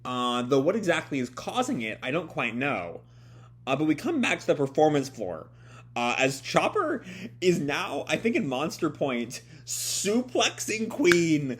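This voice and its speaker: A man reading a comic aloud and reacting, excitable, swearing and thinking aloud as he goes. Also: on the high side, a little slow. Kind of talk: casual read-along commentary.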